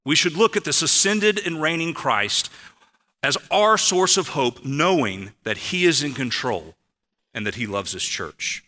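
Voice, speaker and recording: A man's voice: mid-range voice, expressive, a little slow, pushed and bright. A male pastor preaching a sermon, telling a story with animation and repeating his key phrases for emphasis. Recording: long hall reverb.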